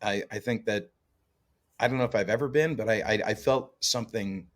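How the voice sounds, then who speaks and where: Canadian-born guy, fairly low voice, rambling jokey storyteller, lots of uh and you know. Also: a little fast. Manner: chatty, jokey storyteller with many fillers. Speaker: guest co-host, musician. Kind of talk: casual podcast chat.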